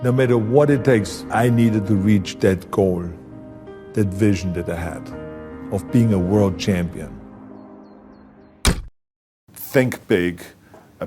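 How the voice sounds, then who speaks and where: Over background music, a man with a deep voice delivers a motivational speech and interview in a strong German accent; German is his first language. He speaks a little slowly with frequent pauses, emphatic and heavily accented, and sometimes restarts words.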